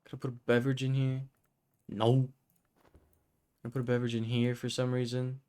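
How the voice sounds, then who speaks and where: A man's voice: mid-range voice, monotone, fairly quick, darkish tone, clear, resonant tone. Frustrated man muttering over a game. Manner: grumbling, frustrated muttering to himself. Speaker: streamer playing a game. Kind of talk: casual gameplay commentary.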